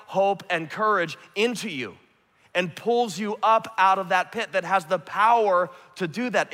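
A man preaching a sermon, earnest, swinging from emphatic to hushed and soft. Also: sits high. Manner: earnest, rising to emphatic then dropping to hushed. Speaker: pastor. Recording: long hall reverb.

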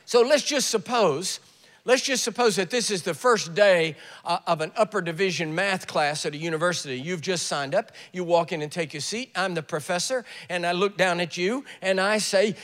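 Older man preaching; high, lively voice; tells stories; hall echo. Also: moderate pace. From US South. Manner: storytelling with acted quotes and joking asides. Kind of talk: sermon. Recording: echoey hall.

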